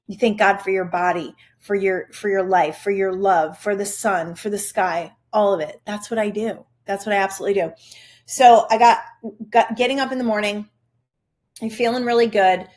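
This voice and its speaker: A woman's voice: mid-range voice, fairly even intonation, moderate pace, a little mellow. A middle-aged woman hosting a parenting podcast, giving an upbeat, chatty motivational talk aimed straight at the listener. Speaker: podcast host, parenting coach. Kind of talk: casual motivational monologue.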